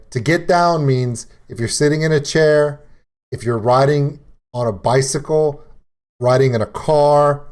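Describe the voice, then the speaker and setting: This man from the Lafayette area of Louisiana has a fairly high, slightly mellow voice and a Cajun accent. On a casual reaction stream he's chatty and laughs often, explaining things with lots of "okay"s.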